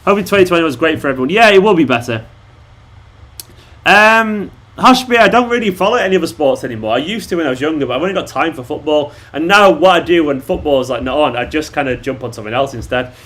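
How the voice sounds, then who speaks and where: A Mancunian man hosting a casual live stream, joking as he reads out viewer comments. He is a little drunk and loose, and his voice sits slightly high for a man. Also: lively intonation, quick pace, fairly bright tone. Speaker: fan channel host.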